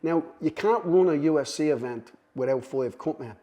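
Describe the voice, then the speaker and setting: A man's voice: a little high, moderate pace, dark tone. A middle-aged man, a podcast guest, telling a casual, self-deprecating story. He swears freely and acts out other people's lines. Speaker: guest, cutman.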